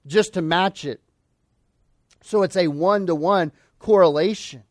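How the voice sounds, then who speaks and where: Pastor, male, high voice, dry close sound, emphatic sermon delivery with rhetorical questions. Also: measured pace, darkish tone, no echo. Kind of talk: expository sermon.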